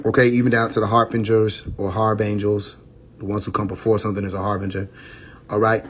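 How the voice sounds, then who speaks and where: A man's voice: lowish voice, little pitch movement, a little hiss or hum. Profane, rambling man on a phone livestream. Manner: loose, rambling, profane, with quick asides and laughs. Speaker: livestream host. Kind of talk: casual livestream talk.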